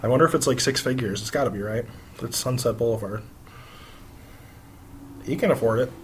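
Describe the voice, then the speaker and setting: A man's voice: medium pitch, a little fast. American man, casual podcast chat, rambling and swearing, faint background hiss. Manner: rambling, swears freely, laughs often. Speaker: podcast co-host.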